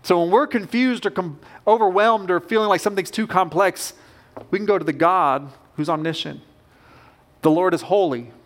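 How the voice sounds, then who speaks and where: A man's voice: high voice, normal speed. A man preaching a sermon as pastor, earnest and emphatic, with rising bursts of conviction.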